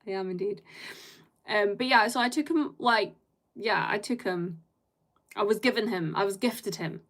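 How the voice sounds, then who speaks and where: A woman's voice: medium pitch, a bit bright. A British woman live-streaming, chatting casually with viewers in a rambling way and laughing often.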